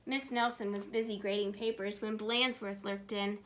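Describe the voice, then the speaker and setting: A woman reading a children's picture book aloud, animated and asking her listeners questions. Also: mid-range voice, normal speed, few pauses, noisy background. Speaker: storyteller.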